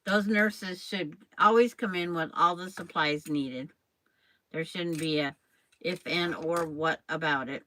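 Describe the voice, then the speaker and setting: Slow, chatty older woman quilter. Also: lowish voice, a bit bright, low-quality recording. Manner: rambling, chatty, addresses viewers by name. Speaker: quilting channel host. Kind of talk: casual chat while sewing on a live stream.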